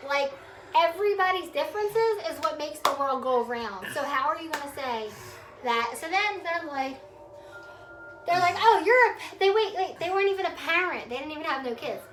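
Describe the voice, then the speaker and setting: High-voiced young woman ranting casually. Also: animated, moderate pace, noisy background. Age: 20s. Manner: rambling, swears freely, many likes. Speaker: vlogger. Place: home with small children around.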